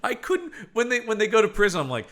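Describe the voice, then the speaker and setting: A man's voice: sits high, huge pitch swings, fast talker, a crowd in the background. A man co-hosting a comedic movie review podcast, joking and acting out scenes in silly voices. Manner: jokey, puts on silly voices for characters. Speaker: podcast co-host.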